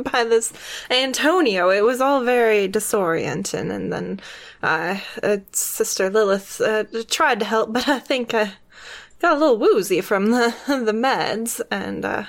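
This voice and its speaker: Brief: woman as a flustered young woman, swooping pitch, slow rambling. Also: lively intonation, a bit bright. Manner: flustered and rambling, laughs often. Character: dazed, chatty young woman.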